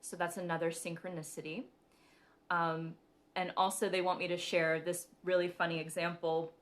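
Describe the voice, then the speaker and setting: Giggly woman with a lowish voice. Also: flat delivery, normal speed. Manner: chatty, giggly, many ums. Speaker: spiritual reader and host. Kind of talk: casual live-stream talk.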